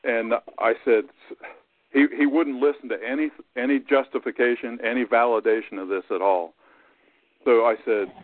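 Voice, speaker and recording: A man's voice: mid-range voice, no room sound. A male radio host explains things steadily and agrees often with his guests. His voice sits in a middle range. It comes through dry and tinny, like a phone line. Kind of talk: radio talk show.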